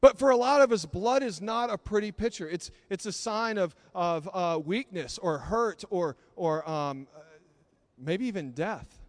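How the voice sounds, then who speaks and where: Man, preacher, sermon, high voice, passionate, loud peaks and quiet lows, dry close sound. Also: lively intonation, a little slow, no room sound. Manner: passionate, builds to loud emphatic peaks then drops quiet.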